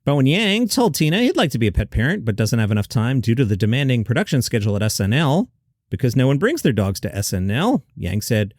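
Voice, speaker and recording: Male comedy-news host, sarcastic and incredulous, very animated pitch. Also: fast, dry recording, clean studio sound.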